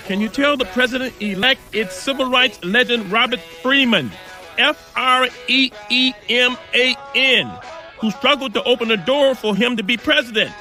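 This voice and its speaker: A man voicing Robert Freeman, a vain, boastful older man who calls himself a civil rights hero, in an animated comedy. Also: extremely high pitch, brisk, few pauses, faint music behind. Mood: pushy. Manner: boastful, blustering, shouts when riled.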